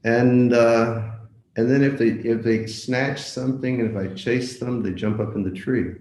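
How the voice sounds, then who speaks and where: Speaking at medium pitch with fairly even intonation, this unhurried, slightly mellow man is a visiting monk delivering a devotional lecture. The rough recording has an echoey room and a little hiss or hum. He tells a story, uses repetition for emphasis, and puts questions directly to his audience.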